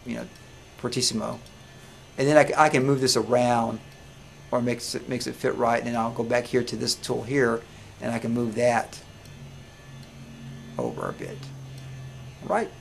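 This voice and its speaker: A man teaching music software to a class, talking casually with many restarts and questions to the students. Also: mid-range voice, expressive, normal speed, creaky, long pauses, a little hiss or hum. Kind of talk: live classroom software demo.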